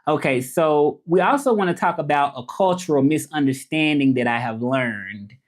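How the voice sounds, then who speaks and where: A man's voice: a little high, normal speed. A man with a Southern US accent, chatting casually on a livestream and answering viewers as he talks about languages and interpreting.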